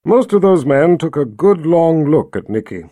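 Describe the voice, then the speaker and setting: A male narrator reading a fantasy novel aloud, expressive and engaged. His pitch rises and falls a great deal. The recording is dry and close, with no room sound. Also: normal speed, no echo. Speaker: audiobook narrator. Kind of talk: scripted narration.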